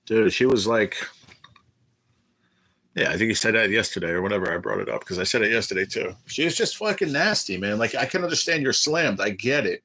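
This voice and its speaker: He's a middle-aged man, sick and in cancer treatment, running a casual livestream where he swears freely, tells blunt stories, and reads out chat messages. His mid-range voice sounds pushed and bright, picked up by a phone or webcam.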